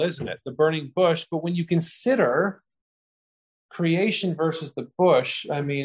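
A middle-aged man preaching a sermon, earnest and expository, growing more animated as he explains scripture. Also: a little high, rough recording. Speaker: pastor.

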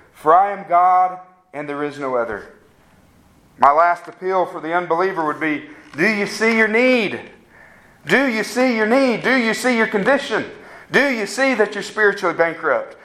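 Male preacher with a fairly high voice, delivering an earnest, pleading sermon. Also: fairly bright tone. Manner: pleading, earnest appeals with rising questions.

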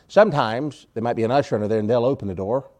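A man's voice: medium pitch, fast, mellow. Man preaching a conversational sermon. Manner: conversational, rhetorical questions, wry sarcasm, volume swings. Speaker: pastor.

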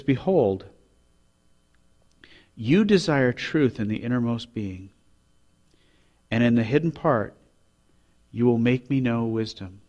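A man's voice: mid-range voice, a little mellow. A man preaching a sermon, reading scripture and asking rhetorical questions with rising intensity. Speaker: pastor.

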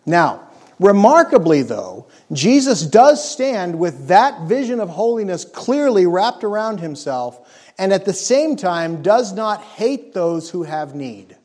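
Guy preaching a sermon, kinda high voice, earnest and emphatic, drops real quiet on big words. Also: big pitch swings, slow. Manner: acts out scripture quotes in character voices.

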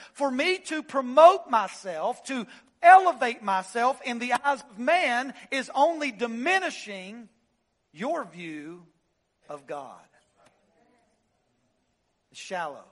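A man preaching a sermon from the pulpit, repeating phrases and swinging from loud, impassioned peaks to low, quiet asides. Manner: repeats phrases for emphasis, "listen" and "y'all". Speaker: pastor. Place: church sanctuary.

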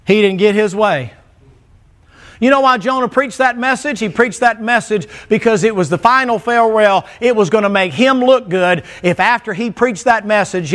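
High-voiced preacher, folksy. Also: male voice. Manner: folksy, animated storytelling with acted quotes. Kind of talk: sermon.

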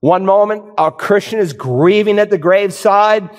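A male pastor delivers an animated sermon, his voice pitched high for a man. He tells stories and acts out bewildered churchgoers. The sound carries a long reverb from a large hall. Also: normal speed.

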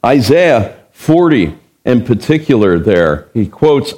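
A man's voice: mid-range voice, expressive, measured pace, a little mellow. A man preaching an expository Bible sermon as pastor. He is emphatic, asks the listeners rhetorical questions and acts out the verses he quotes.

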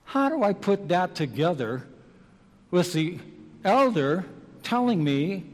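A man preaching an evening sermon, slow and dramatic, moving between hushed and loud passages. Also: high-pitched, sing-song. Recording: long reverb of a large hall.

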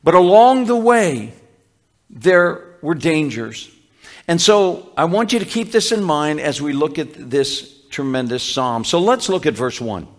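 Slow-speaking preacher man. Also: on the high side, animated. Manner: unhurried, teaching, with restarts and emphatic slowed quotes. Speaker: pastor. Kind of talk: sermon.

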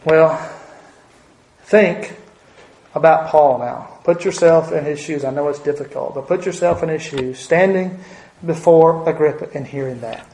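A man delivers a sermon in a church sanctuary, his voice sitting a little high. He speaks earnestly, repeating key phrases for emphasis and dropping in folksy asides. The sound carries a roomy church echo. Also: a little slow, darkish tone. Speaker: preacher.

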